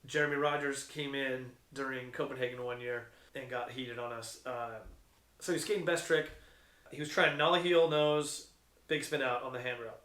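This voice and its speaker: A man's voice: mid-range voice, fairly even intonation, moderate pace, sharp tone, echoey room. A middle-aged man telling stories in a casual, profane, slangy way, as a skate contest judge. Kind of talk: casual storytelling.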